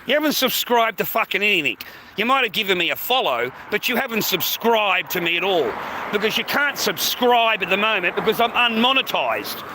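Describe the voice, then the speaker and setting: The recording is rough, and the man's high voice sounds very animated, pushed and bright as he talks briskly. He's an Australian livestreaming on a street, rambling, swearing freely and calling viewers "mate" over the traffic noise.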